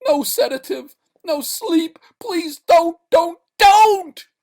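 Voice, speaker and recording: A man voicing a desperate stranded man who shouts in a high, strained voice, read aloud from a story. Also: measured pace, natural voice. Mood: terrified. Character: stranded desperate man, frantic, terrified of sleep.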